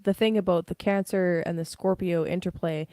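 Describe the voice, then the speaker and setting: A woman's voice: lowish voice, steady tone, normal speed, mellow, dry recording. A woman giving a casual live tarot reading, giggly and rambling, with frequent swearing. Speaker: tarot reader.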